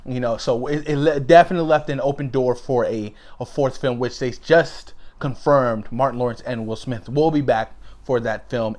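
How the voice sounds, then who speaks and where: A man giving a casual, excitable movie review, swearing freely and laughing as he retells scenes. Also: mid-range voice. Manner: excitable, profane, laughs often, quotes scenes in animated bursts.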